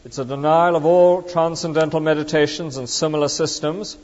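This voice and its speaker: A man's voice: on the high side, steady tone, brisk, a little mellow. A man preaching a sermon with emphatic, rhetorical questions to the congregation. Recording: dull lo-fi recording with long reverb.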